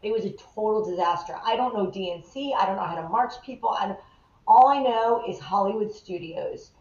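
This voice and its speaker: A woman guest in a podcast interview, telling a story in a lively, animated way and acting out the people in it. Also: mid-range voice, a little fast. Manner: animated, acts out the people in her stories. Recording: roomy, slightly dull sound.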